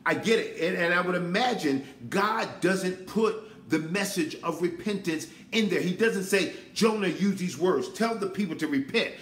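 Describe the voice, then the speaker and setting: A man's voice: high-pitched, moderate pace, few pauses, a bit bright, echoey room. A man preaching a sermon, emphatic and repetitive, often urging his listeners to listen.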